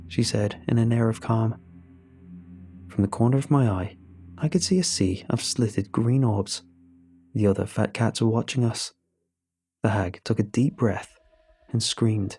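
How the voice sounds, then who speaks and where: A man reading a horror story aloud in a measured, grim scripted narration. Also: fairly low pitch, warm tone, breathy edge.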